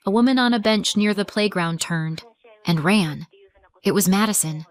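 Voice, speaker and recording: A woman narrating a scripted first-person family drama story in a measured, dramatic way. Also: mid-range voice.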